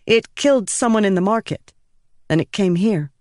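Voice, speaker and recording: A woman's voice: medium pitch, expressive, normal speed, darkish tone, no echo, studio quality, voice pushed up, lightly acted. A man voicing an earnest young woman investigator who explains things urgently, in an audiobook.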